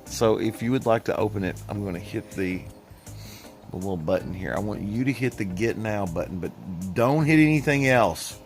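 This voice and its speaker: A man's voice: moderate pace, music in the background. A middle-aged man hosting a casual chat, jokey and teasing. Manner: jokey, teasing, playfully deep put-on voice. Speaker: host.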